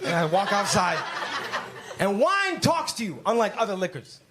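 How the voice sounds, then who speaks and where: A brash, crude stand-up comic with a slightly high voice tells his stories on a club stage and jumps into other people's voices as he goes. Heavy noise sits under the whole recording. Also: big pitch swings, normal speed. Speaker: stand-up comedian. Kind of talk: stand-up comedy set. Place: comedy club stage with live audience.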